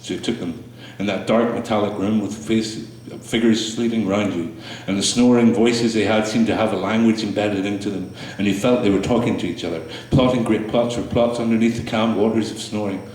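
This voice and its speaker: A man performing his spoken word poetry to a small audience, slow and halting between pieces, with fillers and restarts. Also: on the low side, fairly even intonation, darkish tone. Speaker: poet performing his work. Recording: echoey room, mic far off.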